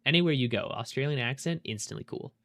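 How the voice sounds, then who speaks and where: Chatting with viewers mid-game, this young man keeps things loose, dropping curse words at a quick clip. His pitch is a typical middle male range, and his manner stays easygoing and unscripted.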